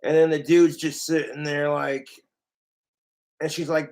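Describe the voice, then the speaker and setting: A man's voice: a little high, flat delivery, measured pace, darkish tone. A man in crude casual banter, profane and joking as he riffs a bit.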